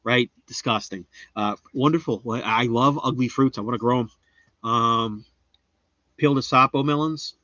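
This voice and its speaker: A man's voice: moderate pace, bright, forceful tone. A goofy man rambles through a casual live stream, joking at his own expense and jumping from one thought to the next. His voice sits in a middle register and sounds a bit dull and lo-fi, with very little room echo. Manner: rambling, goofy, self-mocking, jumps into high silly voices. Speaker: homestead gardening livestreamer. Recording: dull, slightly lo-fi dry sound.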